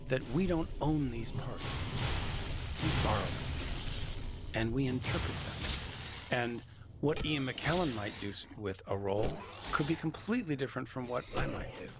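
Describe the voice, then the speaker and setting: A man being interviewed as an actor, telling stories in a lively, reflective way. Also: mid-range voice, vocal fry, background noise. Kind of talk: reflective conversational storytelling.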